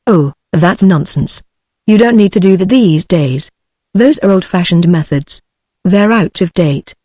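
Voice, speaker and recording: A text-to-speech voice reading the lines of a brisk, sharp-tongued businesswoman in its plain synthetic tone. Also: medium pitch, lively intonation, no room sound, studio quality. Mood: stern.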